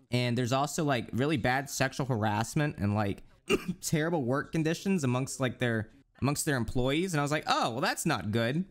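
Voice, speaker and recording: A young man streaming live, chatting casually in profane, joking rants and now and then mimicking others in high squeaky voices.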